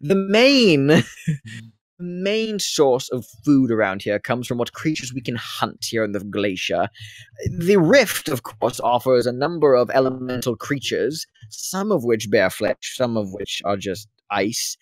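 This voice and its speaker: Unhurried and dry-recorded, this mid-range male voice swings broadly in pitch as he role-plays a non-player character at the game table. The figure he voices is a rambling ex-slave who became a wealthy slave-owner, delivered formally in a fake British accent.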